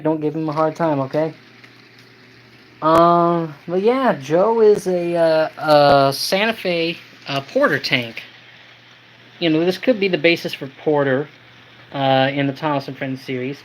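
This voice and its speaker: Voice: medium pitch, poor audio. Worn out train hobby streamer, rambling, lots of uh and um, chatting to the toy engines, faint noise behind. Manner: chatty, halting with many fillers, talks to toy trains. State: tired. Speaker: model railroad livestream host. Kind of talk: casual live-stream chat.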